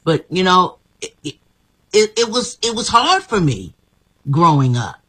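A woman's voice: fairly low pitch, sing-song, unhurried, fairly bright tone, slightly rough. A woman guest on a talk show, speaking in an emphatic, repetitive, preacherly way. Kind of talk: inspirational talk-show chat.

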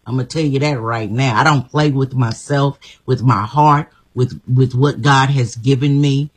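A woman's voice: extremely low pitch, steady tone, normal speed, breathy edge. A woman guest giving an emphatic, encouraging personal testimony, often repeating her phrases. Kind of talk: motivational testimony.

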